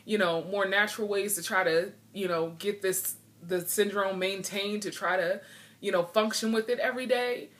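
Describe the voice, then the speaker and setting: A woman's voice: medium pitch, fairly even intonation, normal speed, a bit bright. A woman vlogging in earnest, frank talk, a bit emotional and frustrated as she speaks. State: a little emotional. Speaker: video blogger. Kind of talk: heartfelt vlog talk.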